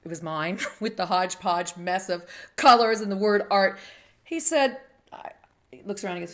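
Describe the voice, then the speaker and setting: A middle-aged woman hosting an interview, telling a story in a casual, animated way and acting out the voices she quotes. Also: mid-range voice, normal speed. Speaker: host.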